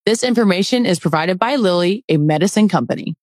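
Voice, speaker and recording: A woman calmly narrating a scripted health information ad. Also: lowish voice, fast talker, dry recording, clean studio sound. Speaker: commercial announcer.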